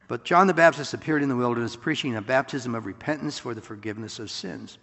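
A man preaching a sermon in an animated way, with chuckling asides and rhetorical questions to the congregation. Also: mid-range voice, gravelly, big-room sound.

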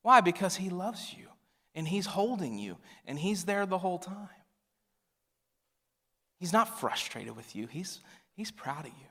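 A male pastor preaching a sermon, swinging from loud emphatic lines to hushed near-whispers. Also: high-pitched, big pitch swings, measured pace, pauses often. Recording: long reverb of a large hall.

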